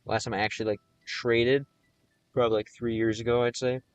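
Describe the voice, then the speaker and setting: A man's voice: medium pitch, little pitch movement, brisk, clean tone, highs cut off. An American man livestreaming and chatting casually with viewers, reading their questions aloud. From United States.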